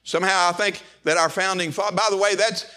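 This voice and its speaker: A man's voice: high-pitched, fairly even intonation, fairly quick, pushed and bright. A middle-aged man preaching a sermon with impassioned delivery, often repeating and restarting words as he goes. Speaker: pastor.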